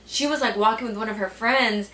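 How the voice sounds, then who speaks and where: A woman's voice: a little high, a little fast, a bit bright, distant mic. A young woman vlogger telling stories casually to the camera. She swears a lot and fills her speech with "like.". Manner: chatty, swears a lot, says "like" often. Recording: echoey room, a bit off-mic.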